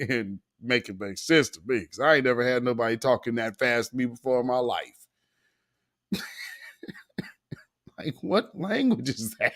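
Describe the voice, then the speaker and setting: A man's voice: medium pitch, fairly bright tone. A man hosting a show, commenting casually on news clips, laughing often and trailing off into asides. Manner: laughs often, trails off and restarts, riffs on his own asides. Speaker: show host.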